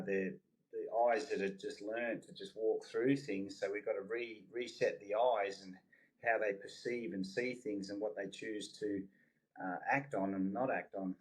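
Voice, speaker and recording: A man, a horse trainer, explaining his methods in a relaxed, casual interview with everyday comparisons. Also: fairly low pitch, rough recording.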